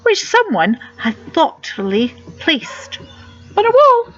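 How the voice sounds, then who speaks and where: Slow, lively woman reading a picture book aloud. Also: extremely high pitch, highs cut off. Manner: gasps and asks the listener questions. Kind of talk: animated read-aloud storytelling.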